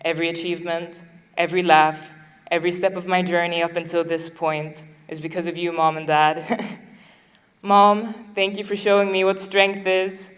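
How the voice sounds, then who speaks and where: A woman's voice: fairly low pitch, monotone, moderate pace, long reverb tail. A young woman, a graduating student, delivering a prepared graduation speech, heartfelt and a little emotional, with light laughs between her thanks. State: getting emotional.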